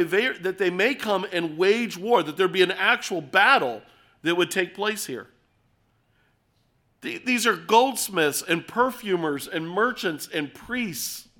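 A middle-aged man preaching an expository sermon, earnest and animated, acting out little scenes as he explains the text. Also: high-pitched.

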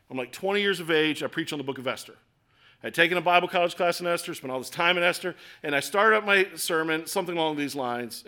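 A middle-aged man preaching a sermon in a conversational, animated way with acted asides. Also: a little high. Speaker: pastor.

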